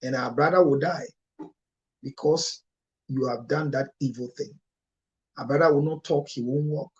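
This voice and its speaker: A male marriage counselor delivers an emotional monologue, his pitch and volume leaping upward in sudden bursts. He sounds close to tears at times. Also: normal speed, muffled recording. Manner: emotional, with sharp rises in pitch and loudness.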